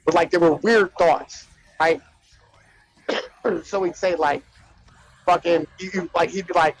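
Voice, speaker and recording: Animated high-voiced man telling stories. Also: measured pace, pauses often, no echo, poor audio. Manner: animated, profane, says "right?" and "like" often. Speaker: podcast co-host. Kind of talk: casual chat, retelling comedy bits.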